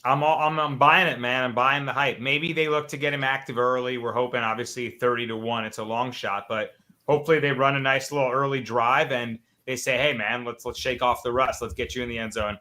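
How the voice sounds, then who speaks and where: A man's voice: mid-range voice, fairly even intonation, brisk, pushed and bright. A man on a sports betting panel, giving his picks in an upbeat, hype-driven way. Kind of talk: sports betting live stream chat.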